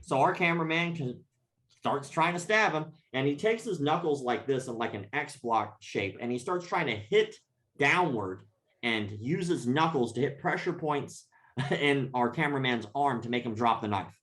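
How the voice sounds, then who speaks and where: A man's voice: mid-range voice, moderate pace. Man telling a profane story. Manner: profane, laughing, animated anecdote telling. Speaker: podcast guest. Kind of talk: casual storytelling.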